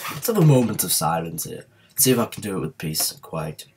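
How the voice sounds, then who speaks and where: A man with a very deep, low voice narrates his gameplay as a let's play, sounding ill and growing frustrated. He mutters and swears at the game between comments, with a faint hiss behind him. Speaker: gaming channel host.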